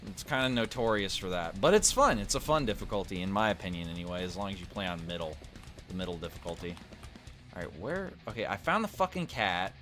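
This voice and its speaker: A man's voice: sits low, big pitch swings, fast, a bit bright, soft background music. Profane, chatty man playing a shooter. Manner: swears freely, talks to chat between kills. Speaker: gaming streamer. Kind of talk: casual gameplay commentary.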